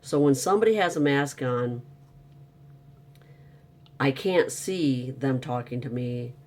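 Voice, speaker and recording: A man's voice: medium pitch, expressive, takes it slowly, a little mellow. A man telling a frustrating story in a casual, upset monologue, venting and exasperated. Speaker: vlogger.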